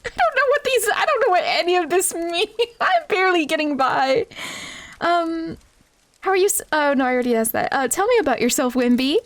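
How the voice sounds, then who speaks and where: A woman's voice: very high-pitched, big pitch swings, moderate pace. A woman streamer giving casual, giggly, rambling commentary while playing a cozy game. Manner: giggly, rambling, self-interrupting.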